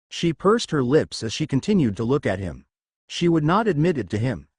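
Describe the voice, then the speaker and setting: A man narrating a fan fiction audiobook in a steady storytelling manner. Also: medium pitch, no room sound, clean studio sound.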